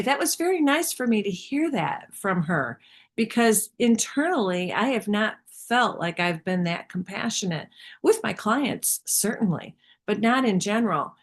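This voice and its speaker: A woman's voice: medium pitch, expressive, normal speed. A woman sharing candidly in a spiritual study group, rambling and self-reflective.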